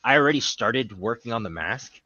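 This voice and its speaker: A man's voice: medium pitch, animated, brisk, bright, forceful tone, no room sound, lo-fi sound. A young man chatting casually as a podcast guest, laid-back and laughing often. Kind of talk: casual chat.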